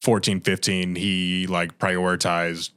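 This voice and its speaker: A man's voice: low voice, flat delivery, takes it slowly, sharp tone, smooth. Young man, guest, rambling, restarts often, laughs a lot, casual chat. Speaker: podcast guest.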